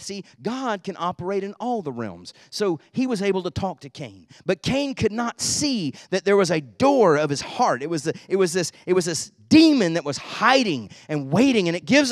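A man preaching a sermon as pastor in a church, emphatic, swinging between quiet and loud. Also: high voice, no echo, studio quality.

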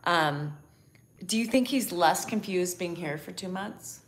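A woman's voice: fairly low pitch, a little slow. A middle-aged woman co-hosting a casual livestream, reading out and answering viewer comments. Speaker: livestream co-host.

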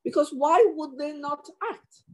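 A woman's voice: sits high, fairly even intonation, measured pace, a little mellow, low-quality recording. A woman commissioner speaking at a formal hearing over a video call, impassioned and emotional, with many restarts.

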